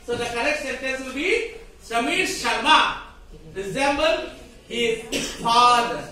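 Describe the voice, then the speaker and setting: High-voiced man teaching in an echoey classroom. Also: animated, takes it slowly, bright, forceful tone, recorded from a distance. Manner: repetitive, questioning, drills students in call-and-response. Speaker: English teacher. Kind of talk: classroom grammar lesson. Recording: very echoey room, voice from afar.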